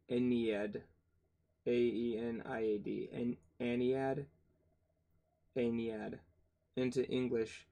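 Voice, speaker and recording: His mid-range voice is creaky and a little mellow. On his channel, this young man casually reads through a textbook, fumbling difficult words, spelling them out letter by letter, and complaining and cursing between passages.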